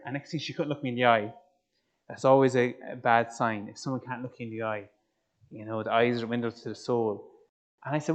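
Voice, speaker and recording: A man giving a personal testimony talk, telling his story in an animated way and turning to the audience with questions. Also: medium pitch, a little fast. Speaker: speaker. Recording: slightly muffled recording.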